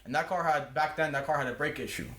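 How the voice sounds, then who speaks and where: A man's voice: a little high, quick pace, fairly bright tone. A man telling a rambling, profane story as a podcast guest, restarting his sentences often. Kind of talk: casual storytelling. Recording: roomy echo.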